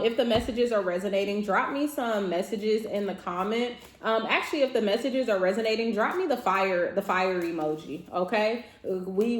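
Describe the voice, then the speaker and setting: A woman's voice: medium pitch, reverberant, a little hiss or hum. A woman who is a tarot reader and therapist, giving a casual reading to camera in an emphatic, repetitive, reassuring way and laughing often.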